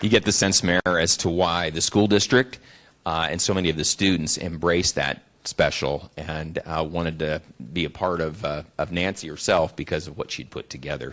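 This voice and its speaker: A man's voice: deep voice, creaky, a bit bright. A man speaking earnestly at a council meeting, praising an employee, with fillers and restarts. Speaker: council member presenting an award. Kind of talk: ceremonial speech at a council meeting.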